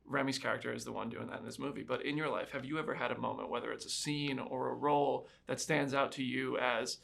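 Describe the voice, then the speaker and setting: A man hosting a podcast interview, eager and upbeat, quick to pay compliments. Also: medium pitch, steady tone, vocal fry, a bit bright. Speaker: podcast host. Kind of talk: casual interview.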